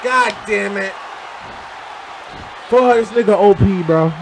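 A man commenting on his own wrestling game as he plays, loud and profane, trash-talking and often shouting. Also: high-pitched, takes it slowly. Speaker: gaming channel host. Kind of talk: live reactive gameplay commentary. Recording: crowd and game noise behind.

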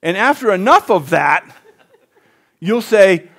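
Male pastor, higher-pitched voice, folksy sermon delivery with call-outs to the congregation. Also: moderate pace. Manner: folksy, asks the congregation for responses.

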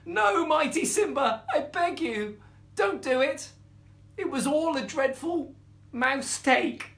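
A man voicing a tiny, terrified male mouse in a bedtime story, squeaky, tearful and stammering. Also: lively intonation, slow, creaky, a bit bright, full character voice. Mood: pleading. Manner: stammering, begging.

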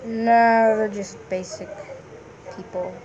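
A woman giving casual, excitable gameplay commentary, full of playful hums and sing-song noises. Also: medium pitch, slow pace, highs cut off, background noise. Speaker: gameplay streamer.

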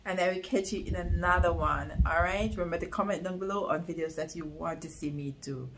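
A woman's voice: fairly low pitch, fairly quick, background noise. A woman hosting a reaction video, giggling and exclaiming in disbelief between laughs. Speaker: reaction channel host. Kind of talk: reaction commentary.

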